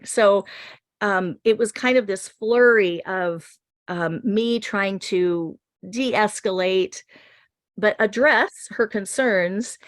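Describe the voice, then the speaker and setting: Middle-aged teacher lady telling a story, soft and halting, lots of ums, dry close sound. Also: mid-range voice, dry recording. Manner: hesitant, many fillers, gentle. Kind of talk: personal story in a group talk.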